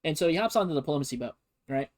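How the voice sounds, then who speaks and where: A man's voice: on the high side, animated, very fast, a little mellow. A man casually teaching history on a stream, rambling and joking with lots of fillers. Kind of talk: casual comedic history lesson.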